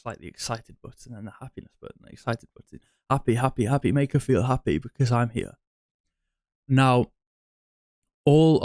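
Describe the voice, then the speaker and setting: A man's voice: medium pitch, darkish tone, no room sound, clean studio sound. A young man giving dating advice in a blunt, crude, rambling monologue that circles back on itself.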